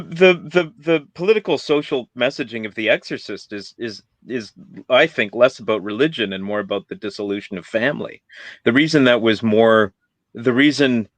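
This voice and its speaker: A man talking casually about films as a guest, animated and opinionated, and prone to ranting. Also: mid-range voice, no echo. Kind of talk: casual film chat.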